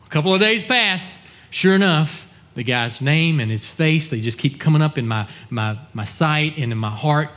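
A man's voice: animated, moderate pace, hardly any pauses, fairly bright tone. A man preaching as a pastor, telling a story in an earnest manner and acting out the people he quotes. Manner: earnest, acts out quoted dialogue in a lowered voice. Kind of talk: sermon storytelling.

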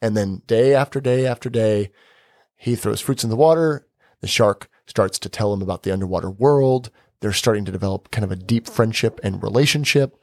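A man co-hosting a podcast, telling a tale in slow, drawn-out phrases. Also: lowish voice, dry recording, studio quality. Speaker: podcast co-host. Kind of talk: casual storytelling and banter.

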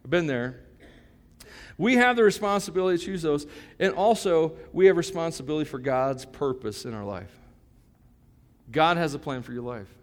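A man in his fifties preaches from the pulpit, his voice sitting a little high for a man. He talks to the congregation in a loose, joking way and then leans into his points with emphasis. The sound carries a long reverb from a church hall. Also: lively intonation, normal speed, long pauses. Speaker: pastor. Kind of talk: sermon.

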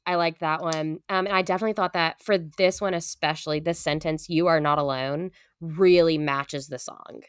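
A woman co-hosting a casual podcast, animated, often jumping into high playful voices when she quotes. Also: moderate pace, few pauses, clear, resonant tone, no echo, clean studio sound. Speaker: podcast co-host, student.

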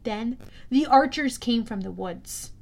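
Audiobook read by a woman with a high voice, steady and plain. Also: slow pace, creaky. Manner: steady storytelling with small self-corrections. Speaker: audiobook narrator. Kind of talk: audiobook narration.

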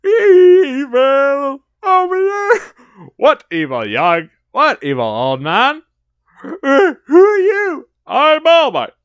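A man voicing a loud, heroic male superhero who declaims every line. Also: very high-pitched, very animated, slow pace, no room sound, muffled recording, voice pushed up, heavily acted. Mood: shouting. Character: booming heroic muscle-bound male superhero.

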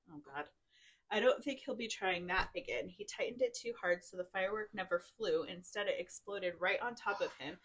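A woman's voice: medium pitch, fairly bright tone. Tipsy woman reading party stories. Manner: casual, giggly, reads stories aloud. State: tipsy, drinking wine. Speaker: podcast host. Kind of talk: reading drunken stories aloud to friends.

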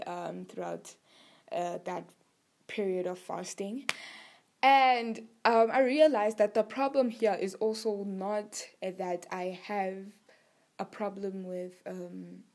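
A young woman vlogging about her faith, telling a personal story in a chatty, animated way with lots of fillers. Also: mid-range voice, slow pace. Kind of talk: casual personal testimony.

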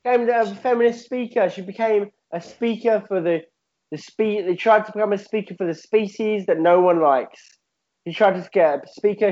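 Male co-host, light high voice, loose comic storyteller, muffled low-fi audio. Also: normal speed, darkish tone. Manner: rambling, swearing, jokey storytelling. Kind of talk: casual comedic chat. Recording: dull lo-fi sound.

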